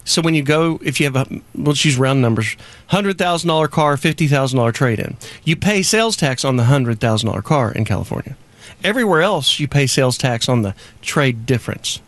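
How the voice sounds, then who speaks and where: A man with a Texan accent, a guest on a studio chat show, telling jokey stories in a drawling, animated way. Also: medium pitch, fairly quick, no room sound. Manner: animated storyteller, drawling and joking.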